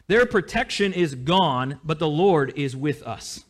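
A man preaching a sermon as pastor, in a conversational, animated way. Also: on the high side, slow pace. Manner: conversational, animated, with small laughs.

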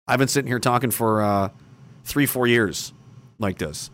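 Moderately paced and mid-range, this livestream host is furious, swearing heavily and sneering sarcastically. He periodically erupts in mocking shouts.

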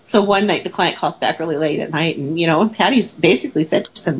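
A woman's voice: deep voice, fast talker, muffled recording. A woman in casual conversation, a paranormal investigator who tells stories in a chatty way and acts out the people she quotes.

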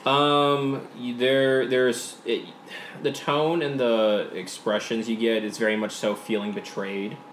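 A man's voice: mid-range voice, flat delivery, slow pace. A man narrating a tabletop game as game master, hesitant and full of fillers. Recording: roomy, background noise.

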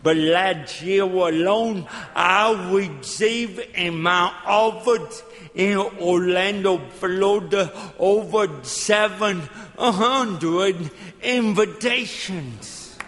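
A middle-aged man with slurred, effortful speech, preaching a slow, emphatic sermon with call-and-response. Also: sits high, a bit bright. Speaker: evangelist. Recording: long hall reverb.

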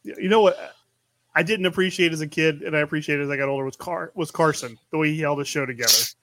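A man's voice: fairly high pitch, fast, fairly bright tone, no room sound. A man co-hosting a casual chat podcast, talking things over in a reflective way. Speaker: podcast co-host.

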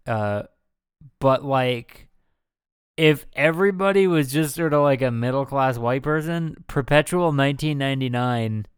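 A young man co-hosting a casual comedy podcast, swearing freely and veering between loud rants and mumbled asides. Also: mid-range voice, unhurried, clear, resonant tone, no echo, studio quality. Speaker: podcast co-host.

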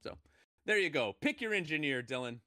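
A man's voice: a little high, sing-song, a little fast, pushed and bright, dry recording, studio quality. A man hosting a casual chat, rambling and laughing, tossing in playful sound effects. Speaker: podcast host.

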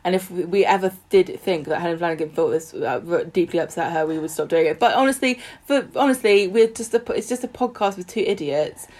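A woman's voice: on the low side, fairly quick, few pauses, a little mellow. A woman co-hosting a podcast, chatting casually and earnestly while joking about the show. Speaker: podcast co-host. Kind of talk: casual chat.

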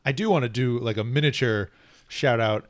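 Man, podcast co-host, measured and thoughtful, middle pitch, dry close sound. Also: no echo. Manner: thoughtful, measured, restarts phrases. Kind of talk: casual comic book chat.

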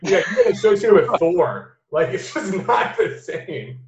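A man's voice: high voice, big pitch swings, a little slow. American man, roomy dull recording. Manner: blunt, swears freely, laughs easily. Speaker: podcast host. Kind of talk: casual chat.

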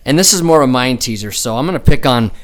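Brief: upbeat male podcast guest, mid-pitched, telling dad jokes slowly for effect. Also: expressive. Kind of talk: casual podcast chat, joke telling.

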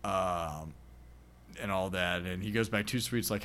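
A man's voice: lowish voice, lively intonation, fairly quick, fairly bright tone. A man on a podcast casually retelling a film's plot, rambling and acting out the characters' lines. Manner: rambling, acts out characters' lines with bursts of laughter. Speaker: podcast co-host recapping a film. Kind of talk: casual chat.

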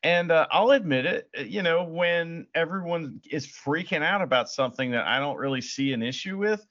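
A man's voice: on the high side, moderate pace, fairly bright tone, dull audio. A man co-hosting a casual podcast, laid-back and laughing, full of "you know" hedges. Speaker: podcast co-host.

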